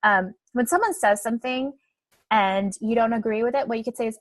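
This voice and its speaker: A young adult woman coach gives a conversational webinar talk in a highish voice, a little fast, and often tags her points with "right?" and "like." The recording is dry.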